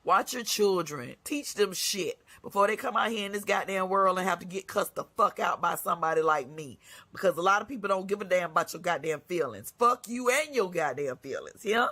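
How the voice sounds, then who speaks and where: A woman's voice: fairly low pitch, animated, brisk, bright, forceful tone. A woman hosting her own segment, delivering a blunt, scolding rant full of cursing. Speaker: segment host. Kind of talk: profane ranting monologue.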